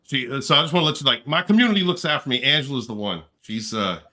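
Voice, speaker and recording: A male livestream host talks fast in a bright, energetic, mid-range voice that stays friendly and direct. Effusive and casual, he greets viewers by name with affectionate shout-outs, teasing, flirting and joking playfully.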